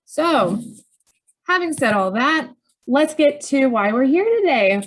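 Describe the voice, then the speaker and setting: A woman's voice: high-pitched, lively intonation, slow pace. A woman from Pittsburgh hosting a talk show, chatting casually and laughing easily. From Pittsburgh, USA. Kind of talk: casual chat interview.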